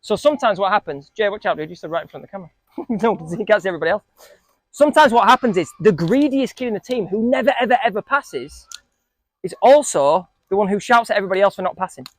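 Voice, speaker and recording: A man's voice: sits high, expressive, quick pace, no echo. A man coaching a group of young football players, asking them questions and joking with them. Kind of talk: coaching talk to a group of kids.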